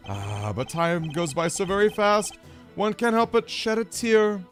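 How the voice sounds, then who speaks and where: A man's voice: sits high, unhurried, a bit bright, faint music behind, voice pushed up. A man voicing a sentimental old former chief prosecutor who talks in a tearful, fatherly, theatrical way, reading game dialogue aloud. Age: older.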